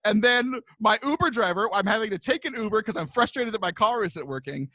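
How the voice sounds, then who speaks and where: A man's voice: high voice, lively intonation, brisk, pushed and bright, no room sound, studio quality. A young man on a podcast, telling a rambling personal story in casual chat, full of restarts and sudden laughs. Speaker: podcast co-host.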